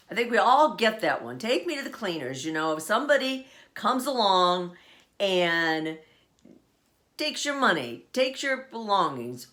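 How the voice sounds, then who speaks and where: A woman's voice: on the low side, fairly bright tone. A middle-aged woman hosting her own podcast, chatting on her own and laughing often as she acts out everyday sayings. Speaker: podcast host. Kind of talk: casual solo podcast musing.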